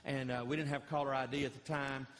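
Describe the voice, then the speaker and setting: A middle-aged man telling animated, folksy comic stories as a Christian comedian in front of a live audience. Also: medium pitch, fast. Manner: folksy, animated, acts out voices of others. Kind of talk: live stand-up storytelling. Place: church hall with a live audience.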